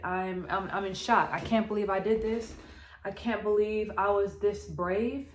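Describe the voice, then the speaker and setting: A woman's voice: medium pitch, fairly even intonation, normal speed. A young woman vlogging to her camera, emotional and hesitant, sighing and laughing between her thoughts. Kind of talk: emotional personal vlog to camera. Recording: echoey room.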